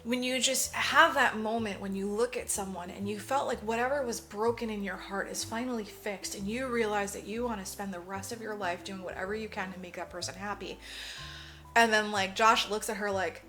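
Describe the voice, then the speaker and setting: Bright-voiced woman recapping a movie. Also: mid-range voice, fairly even intonation, a little fast, faint music behind. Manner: laughing, swearing, acting out movie lines. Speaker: podcast co-host. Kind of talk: casual movie recap chat.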